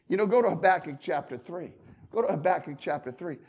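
A man preaching a sermon, swinging between loud and hushed delivery and repeating phrases for emphasis. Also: a little high, lively intonation, fast.

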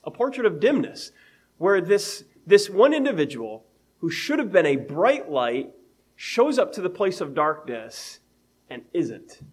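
A man with a voice pitched a little high for a man, delivering a sermon. He talks in an easygoing, conversational way, reads old scripture aloud, and chuckles at his own homely examples. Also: very animated, measured pace, slightly rough. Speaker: preacher.

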